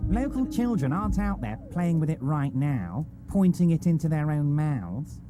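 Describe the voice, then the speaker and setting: A woman's voice: low-pitched, big pitch swings, moderate pace, loud music behind the voice. A woman voicing an oily male union boss. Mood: smooth. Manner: oily, falsely reassuring. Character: smooth-talking male union boss, middle-aged. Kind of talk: voicing a game character with friends.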